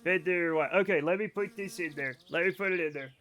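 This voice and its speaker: Bright high-voiced American man chatting. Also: a little fast. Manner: chatty, joking, reads out and answers chat. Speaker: streamer. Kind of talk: casual live gaming stream chatter.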